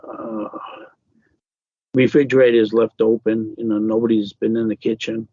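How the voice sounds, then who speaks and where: A man being interviewed as an author, talking casually in a halting way with many fillers and restarts. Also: on the low side, steady tone, vocal fry, warm tone, dull audio. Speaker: author guest.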